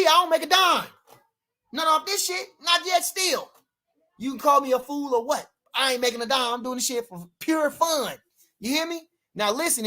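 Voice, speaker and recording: Guy going off on his stream, cussing a lot, repeats himself, gets shouty. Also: high-pitched. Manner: loud, repetitive, swears a lot, bursts into shouts. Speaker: boxing streamer reading live chat. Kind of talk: heated livestream rant.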